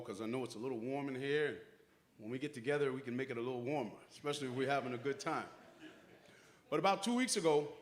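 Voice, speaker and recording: Folksy middle-aged male emcee telling a story. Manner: folksy storytelling, acts out quotes with big pitch jumps. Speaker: master of ceremonies. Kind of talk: uplifting speech with a personal story. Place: church hall at an awards ceremony.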